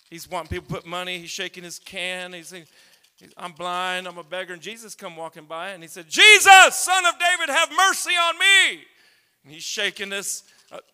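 A man preaching a sermon, talking conversationally and then building up to loud shouts. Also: high-pitched. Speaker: pastor. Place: church sanctuary. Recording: long reverb of a large hall.

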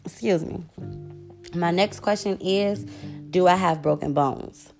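A young woman in her twenties answers questions to camera in an unhurried, gravelly voice. Her voice sits a little low, and she keeps pausing to excuse her hiccups and burps. Faint music plays behind her. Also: darkish tone. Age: 20s. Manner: hiccupping and burping, excusing herself often. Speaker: vlogger. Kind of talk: casual Q&A chat to camera.

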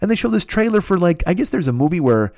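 A man from the Chicago area hosting a podcast alone in his apartment, ranting in a profane, rambling, animated way. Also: high voice, fast talker, creaky, no room sound, studio quality. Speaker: podcast host. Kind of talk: solo comedic rant.

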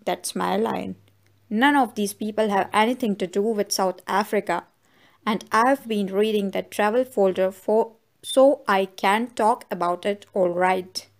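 A woman's voice: mid-range voice, unhurried, creaky. A woman voicing a middle-aged man in disguise who mutters his thoughts and soothes others. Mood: musing. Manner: muttering to himself, placating. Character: shifty middle-aged male detective in disguise.

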